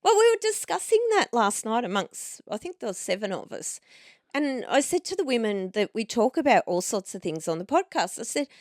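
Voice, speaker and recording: A woman's voice: fairly high pitch, very animated, brisk, a little mellow, dry recording, clean studio sound. A woman co-hosting a podcast, chatting casually and drifting off on tangents while she tells a story. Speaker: podcast co-host. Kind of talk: casual chat. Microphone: studio microphone.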